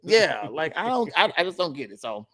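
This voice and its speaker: A middle-aged man, co-hosting a casual podcast chat and telling stories with lively energy. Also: fairly high pitch, moderate pace. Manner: animated storytelling, laughs while telling. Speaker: podcast co-host.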